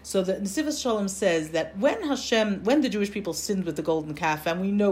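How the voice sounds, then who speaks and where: A woman teaching a religious lesson in a mid-pitched voice. She tells her story in an animated way, often restarting her sentences, and her voice rises and falls a lot as she explains. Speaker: Torah teacher.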